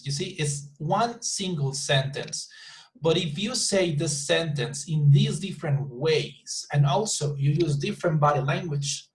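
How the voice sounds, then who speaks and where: A man's voice: fairly high pitch, poor audio. Man teaching an online English class. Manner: repeats words often, says "you see" and "super" a lot.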